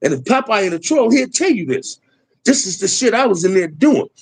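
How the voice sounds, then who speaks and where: A man's voice: high-pitched, big pitch swings, fairly quick, gravelly, breathy edge, dry recording, poor audio. A middle-aged man, talking emphatically in a preachy street style as host of a livestream. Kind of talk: impassioned livestream talk.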